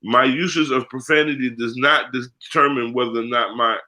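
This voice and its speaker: An American man who is a spiritual priest speaks as a guest in a candid interview, blunt and laced with street slang and heavy profanity. His voice is medium in pitch with a steady, sharp tone at normal speed.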